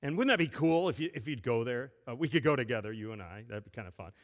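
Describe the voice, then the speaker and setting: A man, a pastor giving a playful children's sermon and gently asking a child many questions. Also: medium pitch, expressive, fast talker. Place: church sanctuary. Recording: long church reverb.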